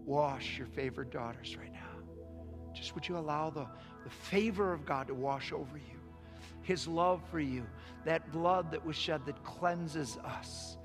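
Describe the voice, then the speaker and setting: A man leading a sermon's closing prayer, moving from hushed, tender prayer to loud, forceful proclamation. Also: a little high, a little slow, big-room sound. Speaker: pastor. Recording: live sermon with music behind. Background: soft worship music.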